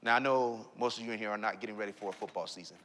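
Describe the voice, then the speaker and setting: A man giving a motivational keynote, telling a personal story that swings between loud excitement and hushed reflection. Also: fairly low pitch, very fast, a little hiss or hum. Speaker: keynote speaker. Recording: reverberant hall recording.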